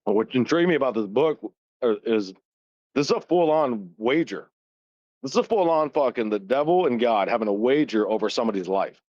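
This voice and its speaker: Animated and brisk, a man in his thirties with a medium-pitched, darkish voice co-hosts a casual podcast. He loosely recounts a story, cursing constantly and laughing often, on a dull, dry, lo-fi recording.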